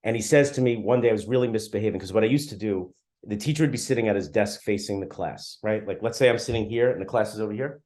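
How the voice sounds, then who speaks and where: A man's voice: fairly low pitch, fast talker, darkish tone. A man co-hosting a podcast in casual chat, blunt and teasing as he tells stories. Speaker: podcast co-host.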